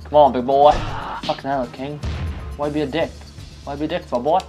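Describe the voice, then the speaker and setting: A young man chatting casually while playing a fighting game, excitable and swearing, shouting at the screen. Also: a little high, brisk. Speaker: gaming co-host. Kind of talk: casual gaming chat. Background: game music.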